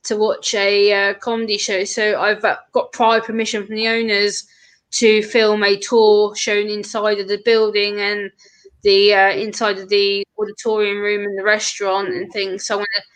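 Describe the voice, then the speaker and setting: A chatty woman talks through stories in a casual group conversation. She acts out the other people's lines as she goes, quick and expressive, and her voice sits at an ordinary middle pitch for a woman. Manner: chatty, animated storytelling with quoted asides. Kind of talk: casual chat.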